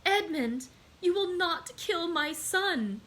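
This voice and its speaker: A woman's voice: on the high side, unhurried, a bit bright, slight background noise, poor audio. A woman reading aloud and voicing a despairing noblewoman and mother who pleads passionately for her son. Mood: pleading. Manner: pleading, raised and impassioned.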